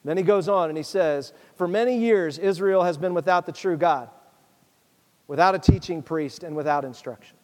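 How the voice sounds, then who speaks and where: A man's voice: a little high, moderate pace, big-room sound. A man preaching a sermon, reading scripture aloud and then pressing his listeners in a conversational, urgent way. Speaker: pastor.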